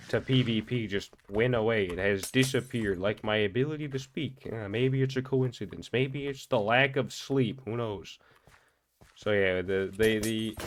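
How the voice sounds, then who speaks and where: A young man with a fairly low voice talks fast and loose, rambling and tripping over his words as he narrates. He sounds wired and energetic from a sleepless night. Faint clicking runs underneath. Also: slight background noise. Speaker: gaming vlogger. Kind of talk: casual commentary over gameplay.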